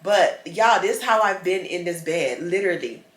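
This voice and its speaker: A woman's voice: lowish voice, lively intonation, normal speed, echoey room. A woman sick with a stuffy nose, chatting casually to her viewers from bed in a rambling, frustrated way. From United States. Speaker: vlogger. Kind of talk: casual vlog chat. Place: bedroom, lying in bed.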